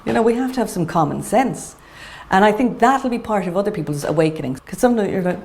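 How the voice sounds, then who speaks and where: A woman in a documentary interview, speaking calmly and in a measured way. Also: medium pitch, a little hiss or hum. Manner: calm, measured. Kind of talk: reflective conversation.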